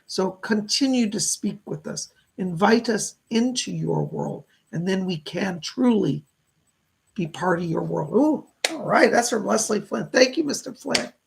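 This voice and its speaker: A man's voice: high-pitched, expressive, measured pace, a little hiss or hum. A middle-aged man doing a live psychic reading, who passes on spirit messages as quotes and keeps repeating "he said". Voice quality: gravelly. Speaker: psychic medium.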